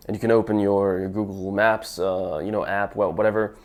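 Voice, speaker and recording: A man's voice: lowish voice, level tone, a little fast, hardly any pauses. A young man, a dating coach, talking casually to camera and acting out sample lines, with frequent stammers and restarts. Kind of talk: casual advice talk to camera.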